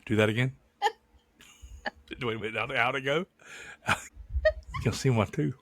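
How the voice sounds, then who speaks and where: A man co-hosting a podcast, telling stories in a joking, profane, animated way. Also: mid-range voice, measured pace, no room sound. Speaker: podcast co-host. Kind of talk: casual chat.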